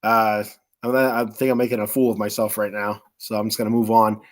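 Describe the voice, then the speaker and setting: A man's voice: lowish voice, flat delivery, a little fast. A man hosting a sports podcast, reading sponsor ads in a rambling, joking way with lots of fillers. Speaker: podcast host. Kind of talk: casual sponsor reads.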